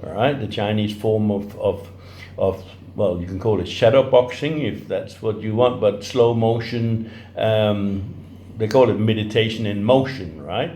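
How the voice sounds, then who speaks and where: A man's voice: on the low side, unhurried, dark tone, a little hiss or hum. A middle-aged man giving life-coaching advice in a rambling, casual way, restarting his sentences and adding "right?" to them. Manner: rambling, with frequent restarts and tag questions. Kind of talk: casual spoken advice talk. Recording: roomy echo.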